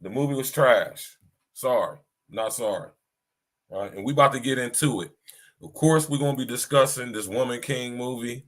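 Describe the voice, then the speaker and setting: A man's voice: medium pitch, a little fast, fairly bright tone. A man hosting a podcast in a blunt, casual way, full of slang and repeating himself. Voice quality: blunt, slangy and repetitive, often adds "you hear me". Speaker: podcast host. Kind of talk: casual chat.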